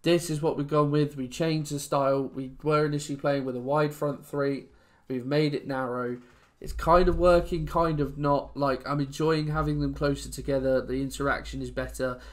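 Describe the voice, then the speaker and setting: A man's voice: on the high side, moderate pace, few pauses. Emotional young man commentating a football game. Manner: rambling, emotional, swings from glum mutters to excited shouts. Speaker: gaming YouTuber. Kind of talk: casual gameplay commentary.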